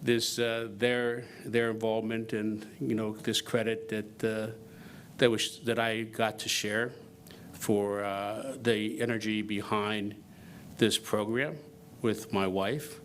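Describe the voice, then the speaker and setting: A man's voice: fairly low pitch, little pitch movement, slight background noise. A middle-aged man speaking hesitantly at a ceremony, with lots of fillers and restarts, shifting the credit to his wife. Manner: halting, many fillers and restarts, self-deprecating. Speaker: donor giving remarks at a university event. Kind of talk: unscripted ceremony speech.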